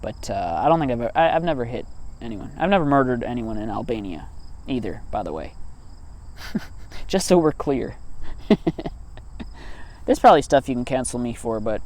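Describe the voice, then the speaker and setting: A man's voice: medium pitch, big pitch swings, normal speed, long pauses, a little mellow. A man talking to camera in a rambling, casual monologue outdoors in a field, joking at his own expense and laughing often between thoughts, into a cheap mic with poor wind protection. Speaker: vlogger. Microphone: cheap mic without proper wind protection.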